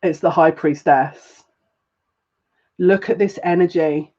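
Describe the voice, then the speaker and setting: A woman giving a live-streamed tarot reading, chatting with viewers, emotional and gushing, with excitable quick restarts. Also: lowish voice, muffled recording. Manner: emotional and gushing, easily moved. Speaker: psychic tarot reader.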